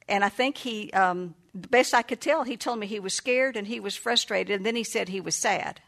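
Older lady counselor telling a story, chatty, laughs a lot, does the voices. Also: medium pitch. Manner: warm, chatty, laughs often and acts out quoted voices. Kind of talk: casual storytelling talk.

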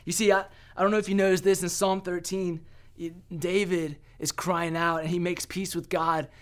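A man's voice: sits high, flat delivery, normal speed. A young man giving an earnest sermon as a pastor, often restarting and repeating words.

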